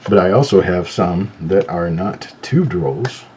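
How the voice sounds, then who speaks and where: A middle-aged man talks casually as the host of a live show, easygoing and unhurried as he examines things and chats to his viewers. His voice sits low and sounds warm and relaxed. The recording is a little muffled, with a faint hiss underneath. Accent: no southern accent. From not from North Carolina. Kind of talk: casual live-stream chat.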